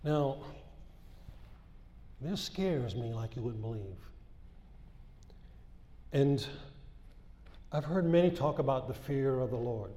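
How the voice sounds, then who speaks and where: Impassioned preacher in an echoey hall. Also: male voice, mid-range voice, lively intonation, unhurried, long pauses, warm tone. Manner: impassioned, repeats phrases, rises in bursts. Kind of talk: sermon with scripture reading.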